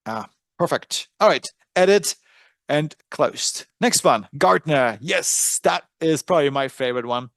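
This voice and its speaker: A man's voice: a little high, lively intonation, a little slow, fairly bright tone, dry recording, clean studio sound. A man with a German accent hosting a live trading webinar, talking casually and thinking aloud with frequent fillers. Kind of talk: live screen-share webinar.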